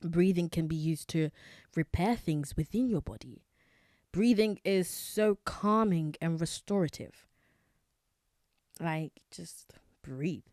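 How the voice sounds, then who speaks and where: A woman's voice: on the low side, a little slow, darkish tone, dry recording, studio quality. A young woman hosting a casual solo wellness podcast, chatty and self-correcting, with many fillers. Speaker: podcast host.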